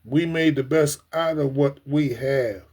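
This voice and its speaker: A man hosting a casual livestream, talking earnestly and emotionally to his viewers, often repeating himself and addressing them as ladies and gentlemen. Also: medium pitch, measured pace, breathy edge. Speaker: livestream host.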